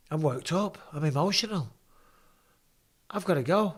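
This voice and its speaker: A man's voice: on the high side, lively intonation, normal speed, breathy edge. Tired man hosting a live reaction stream. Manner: blunt and chatty, swears freely, reads viewer comments aloud. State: tired after hours of talking. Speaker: host of a live fight watch-along stream.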